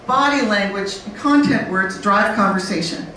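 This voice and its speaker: A woman speaking on a conference panel in a lively, blunt way, acting out learners and babies. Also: mid-range voice, normal speed. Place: conference room. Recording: very echoey room from far off, faint noise.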